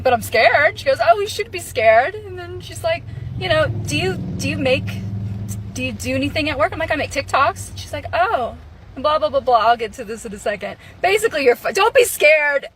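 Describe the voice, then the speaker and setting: A woman's voice: fairly high pitch, fairly bright tone, a little hiss or hum. A young woman casually telling a story, filling gaps with ums and acting out the lines of the people in it. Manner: giggly, lots of ums, acts out the dialogue.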